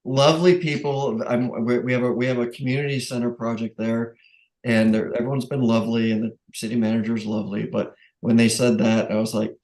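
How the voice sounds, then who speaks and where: A man's voice: mid-range voice, little pitch movement, fairly quick, darkish tone. A man with a New England accent, chairing a neighborhood council meeting in casual, rambling talk with many restarts. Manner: rambling, self-correcting, chuckles often.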